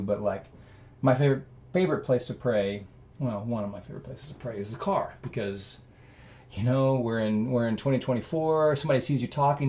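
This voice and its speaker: A man guest telling a personal story in an interview, earnest and rambling with many fillers, growing loud and animated at emotional moments. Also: mid-range voice, a little hiss or hum.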